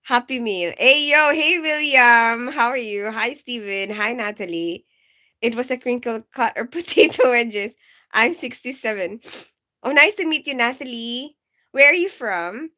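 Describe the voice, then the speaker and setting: A woman's voice: a little high, lively intonation, measured pace, bright, forceful tone. A woman chatting casually on a livestream, giggling often and greeting viewers as she goes. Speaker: nurse livestreamer.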